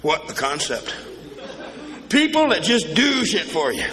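A man's voice: fairly high pitch, wildly swooping pitch, a little slow, a bit bright. A man doing a crude, profane stand-up comedy set, telling stories and acting out quoted voices on a club stage. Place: comedy club stage before a live audience. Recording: live club recording with crowd and reverb.

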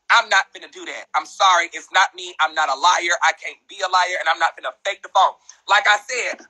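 A man's voice: high-pitched, pushed and bright, husky, low-quality recording. A man ranting bluntly and profanely on a phone livestream. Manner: blunt, profane, fast-talking rant. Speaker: social media personality.

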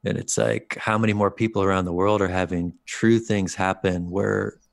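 A very deep-voiced man spins a long anecdote in relaxed, everyday speech, voicing the people in the story as he goes. The sound is close and dry, with no room around it. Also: normal speed, vocal fry, no room sound. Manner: lively, informal, quotes other people's words in dialogue. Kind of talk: casual storytelling.

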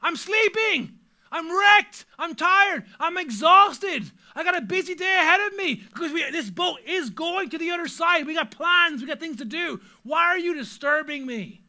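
A man doing a grumpy woken-up dad, shouting. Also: very high voice, expressive, moderate pace, voice pushed up, heavily acted. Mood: exasperated shouting. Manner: shouting, exasperated ranting.

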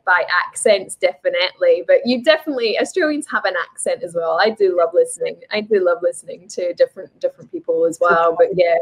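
A woman's voice: on the low side, fast, hardly any pauses, poor audio. A woman with a Scottish accent, talking casually as a guest in an interview, thoughtful and laughing easily. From Scotland.

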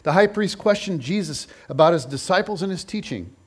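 A man reading a scripture passage aloud in an expressive, measured way. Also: sits high, breathy edge. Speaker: scripture reader.

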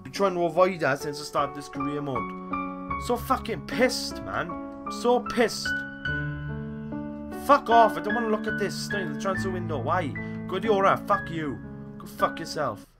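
A man's voice: sits high, animated, normal speed, loud music behind the voice. Sweary young gamer guy. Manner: swearing, swings between shouting and muttering. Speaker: gaming YouTuber. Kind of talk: gameplay commentary.

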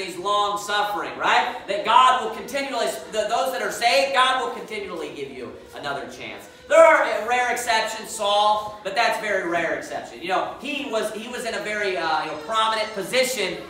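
A man preaches in a sharp, bright voice, hammering home each point and slowing for scripture. His voice carries through a big reverberant church from some distance away, with a faint background hum. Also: high voice, sing-song. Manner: emphatic, repeats points and verse references; reads scripture aloud slowly. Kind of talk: sermon. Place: church sanctuary. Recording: echoey church room, mic at a distance.

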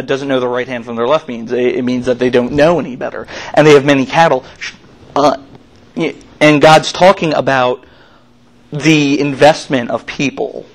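A man's voice: mid-range voice, poor audio. A man giving a sermon as youth minister in a church, preaching in a casual, chatty way with plenty of fillers.

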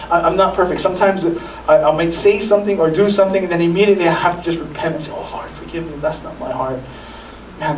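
A man's voice: high voice, a little mellow, echoey room, recorded from a distance, slight background noise, poor audio. A male pastor giving a sermon in a conversational way, with frequent restarts and acted-out asides. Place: church sanctuary.

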